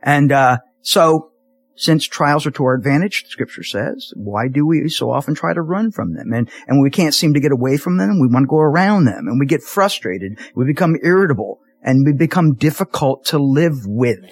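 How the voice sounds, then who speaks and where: A man preaches to his congregation with a slightly raised, husky voice. He jumps between serious points and jokey asides, stumbling and restarting as he goes. His pitch rises and falls widely. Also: normal speed. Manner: animated, jokey storytelling with many restarts. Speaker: pastor. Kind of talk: sermon. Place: church sanctuary.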